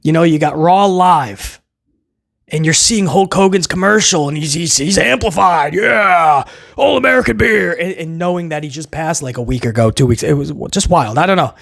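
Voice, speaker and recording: Pitched fairly high and a bit bright, this man's creaky voice moves at a moderate pace. He's running a casual wrestling review video, ranting sarcastically, wandering off track, and restarting with stammers.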